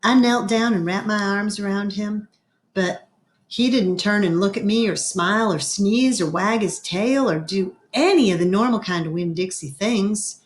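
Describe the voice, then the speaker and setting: A woman reading a children's novel aloud with expressive storytelling, now and then clearing her throat. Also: mid-range voice. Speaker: reader.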